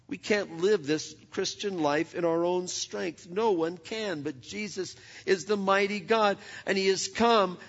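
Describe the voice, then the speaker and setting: Man, pastor, sermon, higher-pitched voice, long hall echo, muffled lo-fi sound, repeats words as he goes. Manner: conversational preaching, stumbles and repeats words, animated asides.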